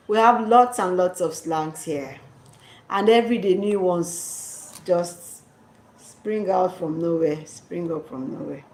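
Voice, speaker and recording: Slow-talking Nigerian woman, echoey room. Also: lowish voice, a little hiss or hum. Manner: laughs often, drops into Nigerian Pidgin slang. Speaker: vlogger. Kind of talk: casual chat.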